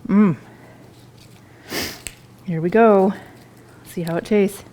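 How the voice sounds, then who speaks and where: A woman's voice: medium pitch, fairly even intonation, slow, mellow. A woman, a chef giving a live cooking demonstration in a store kitchen, chatty and enthusiastic as she tastes food while she talks.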